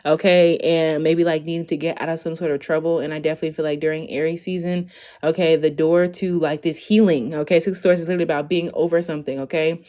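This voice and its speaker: Young woman in her twenties, tarot reader on a casual stream. Low-pitched and chatty, checks in with "okay?" constantly. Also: fairly even intonation, quick pace, dark tone, muffled recording. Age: 20s. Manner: chatty, ends lines with "okay?", lots of "like" and "y'all". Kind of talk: casual tarot reading livestream.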